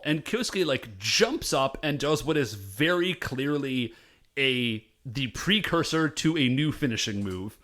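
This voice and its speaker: A man's voice: medium pitch, a bit bright. A man co-hosting a podcast, retelling a TV episode in a rambling, casual way with quoted asides. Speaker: podcast co-host. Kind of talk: casual episode recap chat.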